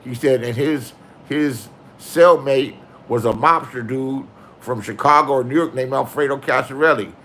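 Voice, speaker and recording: A man's voice: medium pitch, moderate pace, fairly bright tone, a little hiss or hum. A man in his sixties telling rambling, profane anecdotes in a casual storytelling style, acting out the people in them.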